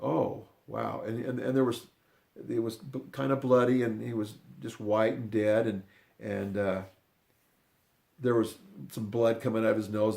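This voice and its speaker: An older man telling a personal story in a rambling, unscripted way, often restarting his sentences and dropping into quiet asides. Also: fairly low pitch, gravelly. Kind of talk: casual spoken storytelling.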